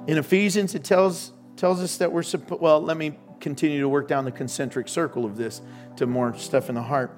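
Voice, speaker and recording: A man preaching a sermon as pastor, joking and telling stories with sudden loud outbursts. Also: fairly high pitch, steady tone, a little fast, soft background music.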